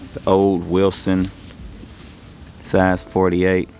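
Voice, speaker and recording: Laid-back low-voiced man showing his haul. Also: monotone, drawn-out words, a little mellow, slight background noise. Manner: laid-back, rambling, slangy. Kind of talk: casual haul video.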